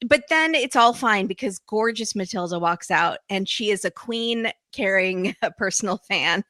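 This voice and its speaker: A woman hosting a podcast, chatting casually and retelling scenes in an animated way with quoted voices. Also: medium pitch, moderate pace, no room sound. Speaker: podcast host. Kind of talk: casual chat recapping reality TV.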